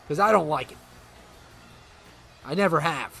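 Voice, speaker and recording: A man's voice: on the high side, unhurried, vocal fry, fairly bright tone, soft background music. A man giving casual let's-play commentary on a wrestling game, dramatic and playfully indignant. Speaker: gaming commentator.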